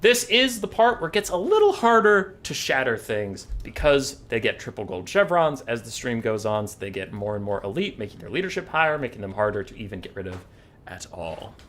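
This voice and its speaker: A man streaming a strategy game who tells a jokey, animated story and then runs through the armies. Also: medium pitch, brisk.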